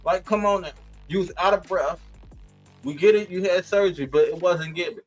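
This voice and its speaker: This reality-show review comes from a man with a high voice speaking at a moderate pace, with soft background music and a rough recording. The tone is a sassy, profane, animated commentary rant, punctuated by frequent laughter.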